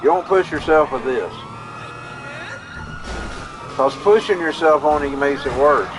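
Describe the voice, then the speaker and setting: A man's voice: a little high, unhurried, noisy background. Rambling folksy man chatting on stream. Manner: rambling, folksy, repeats himself. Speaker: live streamer. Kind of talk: casual personal storytelling.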